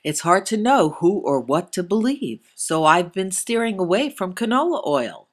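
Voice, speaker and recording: A woman's voice: fairly low pitch, big pitch swings, normal speed, background noise. A woman doing playful, teasing voice-over asides for a cooking show.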